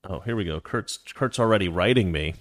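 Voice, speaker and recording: A man's voice: low-pitched, lively intonation, brisk, no room sound, studio quality. A man hosting a casual livestream commentary show, talking in a sarcastic, ranting way. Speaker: host.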